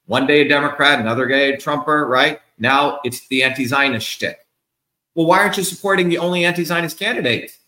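A man's voice: on the high side, a little fast, sharp tone, roomy sound. A man being interviewed as a political candidate, ranting in a combative, profane, emphatic way. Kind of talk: heated interview rant.

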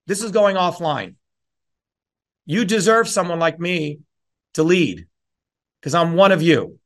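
A man addresses a town hall in a lecture that slides into a heated, profane rant. His voice is gravelly and sits a little high, and he sounds combative and forceful as he drives his points home. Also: lively intonation, measured pace, long pauses. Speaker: town hall speaker, presidential candidate. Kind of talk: lecture turning into an angry rant.

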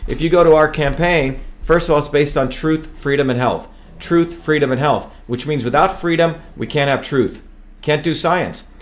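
A man's voice: a little high, moderate pace. A man from India running for office, speaking emphatically to camera and often stumbling on and repeating his words. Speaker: political candidate hosting a web show. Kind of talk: campaign talk to camera.

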